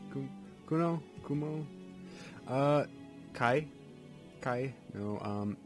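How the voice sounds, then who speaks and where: A man giving goofy, rambling commentary while playing a video game. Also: medium pitch. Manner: goofy, rambling, lots of ums. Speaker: let's play host. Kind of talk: casual gameplay commentary.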